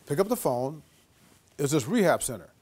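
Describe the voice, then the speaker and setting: A man giving a lecture as an animated storyteller, acting out the voices of the people in his anecdote. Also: on the high side, moderate pace. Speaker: guest lecturer.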